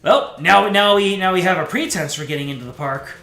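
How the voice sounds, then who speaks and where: A man's voice: sits high, a little fast, bright, forceful tone, faint music behind. A male streamer giving casual let's play commentary, musing aloud and restarting his sentences. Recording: echoey room.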